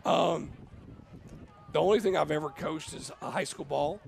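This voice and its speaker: A man's voice: a little high, moderate pace, gravelly, a little mellow. A man doing live play-by-play commentary, jokey and rambling, laughing often. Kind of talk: live game commentary with banter.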